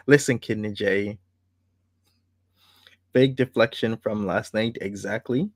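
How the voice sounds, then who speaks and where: A man's voice: mid-range voice, measured pace, long pauses, no room sound, studio quality. Sarcastic man hosting a livestream. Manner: sarcastic, laughing, chatty. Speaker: livestream host. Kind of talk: casual livestream commentary.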